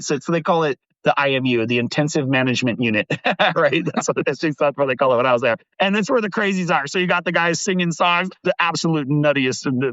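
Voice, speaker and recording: A middle-aged man casually telling stories in a lively way, swearing and laughing often. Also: on the high side, no room sound, lo-fi sound. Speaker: guest. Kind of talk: casual storytelling.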